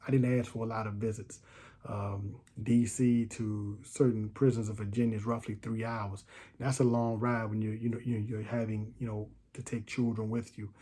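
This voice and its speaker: A middle-aged man from the D.C. area tells his own story in a low-key, conversational way. His voice is warm and mellow and stays fairly level in pitch. He pauses and restarts often as he reflects. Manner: reflective and unhurried, with frequent fillers and restarts. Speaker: storyteller recalling his release from prison. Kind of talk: casual personal storytelling.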